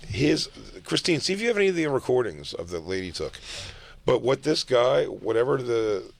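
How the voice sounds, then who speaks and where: A man's voice: mid-range voice, very animated, moderate pace, gravelly. A man hosting a talk radio show, telling a story in casual, profane chat and laughing at how absurd it is.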